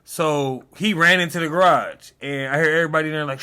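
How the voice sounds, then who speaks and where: A man's voice: a little high, lively intonation, a little fast, bright, forceful tone. A young man hosting a casual reaction chat, telling a story in loose slang and acting out the quotes. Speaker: host.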